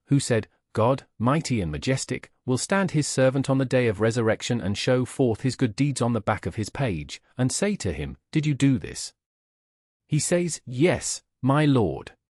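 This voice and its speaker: A man narrating an audiobook in a solemn, measured reading voice, voicing the quoted speakers as he goes. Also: medium pitch, a little mellow, husky, no echo, studio quality.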